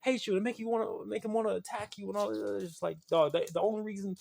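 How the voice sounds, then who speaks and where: A spiritual video creator rants fast with a creaky voice, swearing passionately at the camera and lurching between low mutters and shouts.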